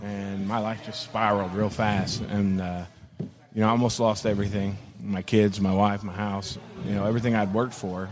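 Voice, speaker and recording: A man's voice: lowish voice, flat delivery, moderate pace, a crowd in the background. A middle-aged pastor with a Texan accent, telling his story frankly in casual table talk. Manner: frank, earthy storytelling with acted-out quotes.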